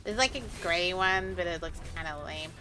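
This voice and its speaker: A woman's voice: on the low side, expressive, moderate pace, over music. A woman streamer chatting casually and swearing freely while she plays a game.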